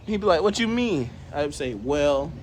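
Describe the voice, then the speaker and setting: Casual male storyteller, high-pitched, animated, slangy, acts out the dialogue. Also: moderate pace, slight background noise. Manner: animated and slangy, acts out quoted lines and laughs often. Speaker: co-host telling a fan story.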